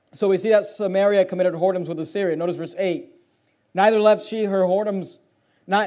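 A man preaching a fiery sermon, reading scripture aloud and driving his points home with emphatic repetition. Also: high-pitched. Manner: forceful, emphatic, shifts between loud preaching and quieter reading.

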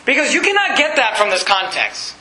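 A pastor preaching a sermon, reading scripture aloud and firing off rhetorical questions in an emphatic delivery. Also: male voice, very high-pitched, wildly swooping pitch, fairly quick, crowd noise. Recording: echoey hall.

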